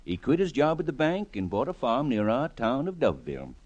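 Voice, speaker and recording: A man's voice: medium pitch, big pitch swings, fairly quick, natural voice. A man playing a folksy small-town editor narrating. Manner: folksy, storytelling. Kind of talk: 1940s radio sitcom narration.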